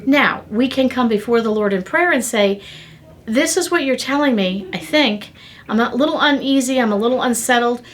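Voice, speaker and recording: A middle-aged woman hosting a devotional podcast. She teaches in an animated, excited way and acts out little dialogues with God. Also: a little high. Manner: excitable, talks with her hands.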